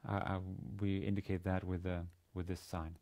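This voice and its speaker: A man lecturing on a language lesson, speaking haltingly with many fillers and restarts. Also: low-pitched, flat delivery, warm tone. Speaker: university lecturer.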